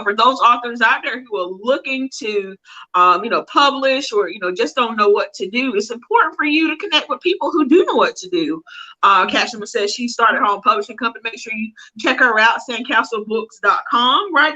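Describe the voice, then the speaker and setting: A woman's voice: a little high, animated, brisk, pushed and bright, rough recording. A woman hosting a live online interview, reading out viewer comments in an upbeat way. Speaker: host.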